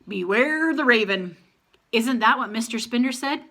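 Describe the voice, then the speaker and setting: Grumpy, no-nonsense storybook grandma, bright and lively delivery, as a woman puts her on. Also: fairly high pitch, heavily acted. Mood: dry. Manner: brisk, commanding, dry. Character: brisk, grumpy practical grandmother.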